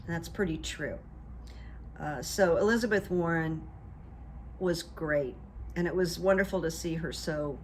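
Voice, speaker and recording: A middle-aged woman recapping events in a casual, chatty way, acting out what others said as she goes. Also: lowish voice. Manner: animated storyteller, acts out what others said. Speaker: political commentary vlogger and hypnotherapist.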